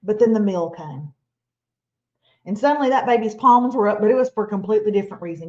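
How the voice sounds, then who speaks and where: A woman, giving a lively, playful motivational Christian talk as a webinar speaker. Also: medium pitch, fast. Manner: animated, playful, acts out imagined listeners and quotes. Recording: slightly dull, lo-fi webinar audio.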